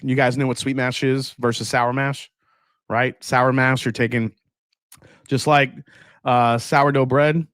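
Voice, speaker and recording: A man's voice: mid-range voice, a bit bright, no echo, clean studio sound. A man hosting a casual live stream, chatting loosely and laughing as he reads viewer comments aloud. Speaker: whiskey livestream host.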